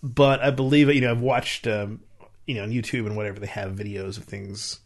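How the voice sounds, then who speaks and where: A man's voice: on the low side, fairly even intonation, fairly quick. A man co-hosting a podcast, explaining things in casual chat with many restarts and fillers. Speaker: podcast co-host.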